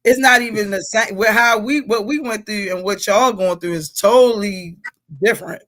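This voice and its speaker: A woman in her forties hosting a casual live-streamed chat, telling stories in an animated, chatty way. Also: mid-range voice, moderate pace. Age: 40s.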